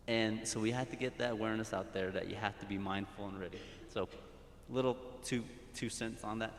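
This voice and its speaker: A man who works in school counseling speaks from the audience at a community forum, earnest, often restarting and repeating his phrases. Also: fairly quick. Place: large hall. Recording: echoey hall with faint rumble.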